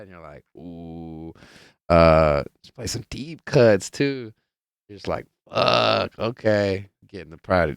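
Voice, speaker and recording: A man's voice: low voice, darkish tone, clean tone, dry recording, studio quality. A man hosting a casual solo podcast, telling rambling, profane stories full of fillers in a laid-back way. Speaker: podcast host.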